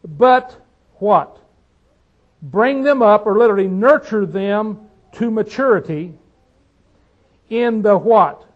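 A man's voice: high-pitched, animated, slow, pauses often. A man preaching a sermon, reading scripture aloud and quizzing his listeners with emphatic rhetorical questions. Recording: dull lo-fi sound.

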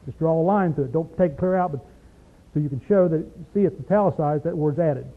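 High voiced preacher guy, folksy and emphatic, sounds like an old phone-line tape. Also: quick pace. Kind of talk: sermon. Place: small room. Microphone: tape recorder. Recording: tinny phone-like tape recording.

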